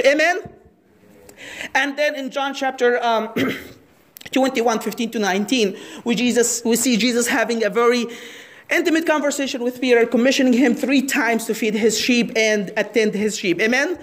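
High-voiced woman preaching a lively sermon. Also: moderate pace. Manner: animated, asks the audience questions.

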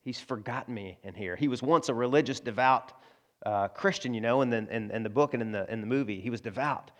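A man preaches a sermon in an easy, conversational way, speaking straight to his congregation. He slips into voices for the quotes he tells, and his pitch sits in the middle range for a man. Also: fast talker. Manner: conversational preaching, asides to the congregation, frequent restarts; acts out quoted voices in prayer and dialogue. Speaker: pastor.

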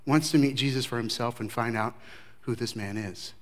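A man preaching a sermon verse by verse, emphatic, with his voice swinging from loud declarations to hushed remarks. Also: medium pitch, moderate pace. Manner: emphatic, varies loudness widely, drops to hushed tones. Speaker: pastor. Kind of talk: expository sermon.

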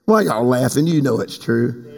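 A man preaching a sermon as pastor, swinging between slow emphatic stretches and sudden high leaps. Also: animated, creaky, darkish tone. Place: church sanctuary. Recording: long hall reverb.

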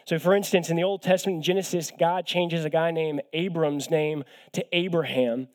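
A young adult man giving a sermon as a guest preacher, talking in a relaxed, conversational way with light self-deprecating humor and frequent repeated words. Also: on the high side, normal speed.

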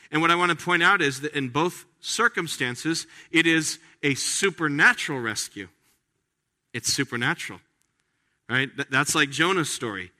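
A pastor preaching a sermon in an earnest, conversational way, slowing down to stress key phrases. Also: male voice, mid-range voice, pushed and bright.

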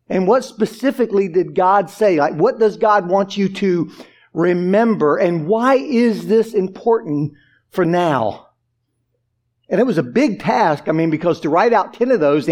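A man's voice: high voice, darkish tone. A male pastor preaching a sermon in a conversational way, full of rhetorical questions and casual asides.

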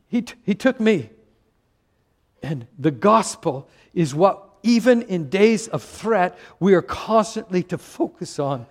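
An older male pastor from Canada delivers a sermon in a slightly high, unhurried voice. He preaches with earnest emphasis and often stumbles into quick restarts.

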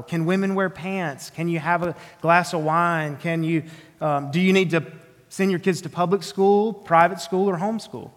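A man's voice: a little high, fairly bright tone, long reverb tail. A man with a Southern drawl preaching an earnest, emphatic sermon, often restarting his phrases. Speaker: pastor.

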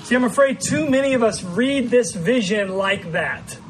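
High-voiced Midwestern American pastor preaching. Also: male voice, lively intonation, background noise. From Midwestern United States. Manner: earnest, measured, with frequent repeated words. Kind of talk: sermon.

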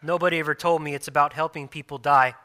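A man in his thirties, a pastor preaching a sermon earnestly, repeating phrases and restarting softly. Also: a little high, steady tone, quick pace.

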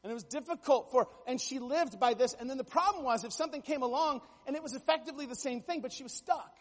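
A man's voice: very high voice, quick pace, hardly any pauses, in a large hall. A man preaching a sermon, telling stories with jokey asides and building to emphatic bursts. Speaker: pastor.

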